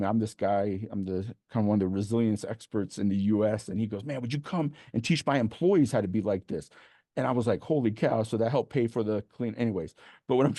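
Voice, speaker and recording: A man's voice: mid-range voice, dark tone, no room sound, clean studio sound. A man giving a passionate storytelling talk to an online audience over a video call, building to emphatic lists and laughing mid-sentence. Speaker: motivational speaker at an online event.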